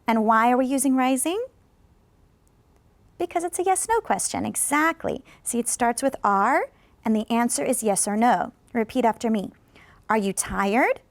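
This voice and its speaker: Encouraging woman teacher, slightly gravelly. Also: fairly high pitch, lively intonation, no echo. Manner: slow, carefully drawn-out model sentences for repetition; encouraging, coaxes replies from viewers. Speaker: ESL teacher. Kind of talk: scripted classroom lesson. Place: studio.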